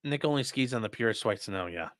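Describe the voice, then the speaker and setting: Male stream host, blunt and crude commentary; bright, forceful voice with a wide, lively pitch. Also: fast, no room sound, clean studio sound. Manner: blunt, profane, mocking.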